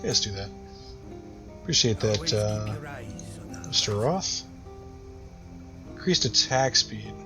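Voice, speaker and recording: An American gaming YouTuber with a lowish, animated voice does casual let's-play commentary over music. He takes it slowly, pausing often as he thinks aloud and rambles, adding self-deprecating asides.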